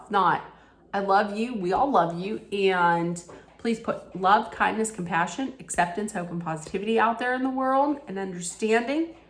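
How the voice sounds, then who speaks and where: A woman hosting her own reality TV recap, ranting casually in a blunt, heated way straight to her viewers. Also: medium pitch.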